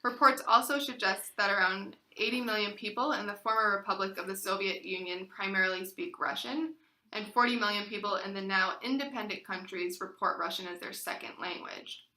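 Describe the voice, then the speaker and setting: Woman, student presenter, bright tone, reads notes with fillers, echoey room. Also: mid-range voice, brisk. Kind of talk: read-aloud class presentation.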